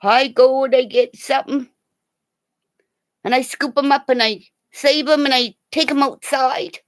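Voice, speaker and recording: An older woman with grandchildren, telling funny home stories in a casual, animated way, laughing often and swearing now and then. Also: high-pitched, a little slow. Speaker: vlogger. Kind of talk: casual storytelling.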